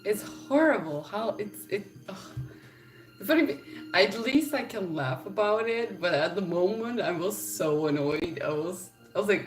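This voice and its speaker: A woman's voice: medium pitch, expressive, unhurried, soft background music. A young woman vlogging in a casual chat to camera, telling exasperated stories and laughing often.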